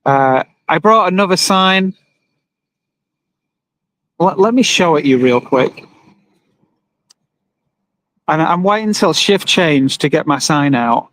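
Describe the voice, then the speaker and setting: Male livestreamer, higher pitch, earnest and emotional, outdoor phone stream by a road. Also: animated, slow, pauses often, a bit bright, poor audio. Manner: earnest, emotional, talks to viewers and reads comments aloud. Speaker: livestreamer at an animal rights vigil. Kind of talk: live-streamed casual monologue. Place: outdoors by a roadside with passing trucks.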